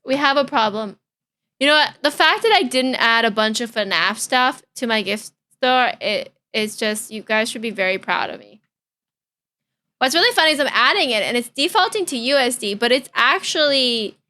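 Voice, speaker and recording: Bubbly high-voiced young woman streamer. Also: bright, forceful tone. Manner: bubbly, giggly, easily distracted. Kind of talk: casual live-stream chatter.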